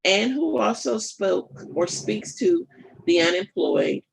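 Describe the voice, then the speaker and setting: Gravelly, husky woman radio host. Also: mid-range voice, very animated. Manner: emphatic, rhetorical, addresses listeners directly; thinks aloud with fillers and pauses. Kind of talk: live political commentary.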